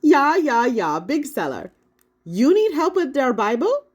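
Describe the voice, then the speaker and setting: A woman's voice: high voice, very animated, a little slow, a little mellow, husky, pitched above the performer's own voice, full character voice. A woman voicing a jovial holographic medieval German printer with a thick German accent for an audiobook. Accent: thick German, put on.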